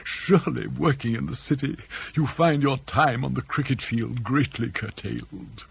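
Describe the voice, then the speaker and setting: A man's voice: mid-range voice, gravelly, slightly rough, exaggerated voice. A man voicing an elderly English father who is dry, mischievous and mock-courteous, with an arch, ironic manner. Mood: teasing. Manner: arch, ironic, drawn-out emphasis.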